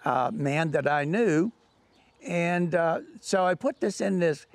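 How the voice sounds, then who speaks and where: Gravelly older man spinning a folksy yarn. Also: high-pitched, no room sound. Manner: folksy, rambling with restarts. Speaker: author and storyteller. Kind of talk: telling an anecdote.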